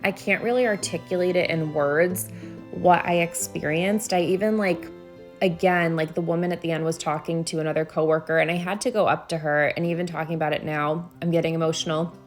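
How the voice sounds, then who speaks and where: Earnest rambling woman, lowish voice. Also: fairly even intonation, brisk, soft background music. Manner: rambling, earnest, restarts often. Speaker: vlogger. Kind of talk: casual voiceover. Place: home.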